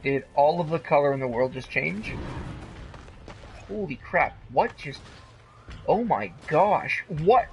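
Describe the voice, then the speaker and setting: A man's voice: on the high side, expressive, slow pace, creaky, pauses often, highs cut off, a little hiss or hum. A man streaming a video game, rambling and joking in casual commentary and easily astonished by what he sees on screen. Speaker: gaming streamer. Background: loud video game music.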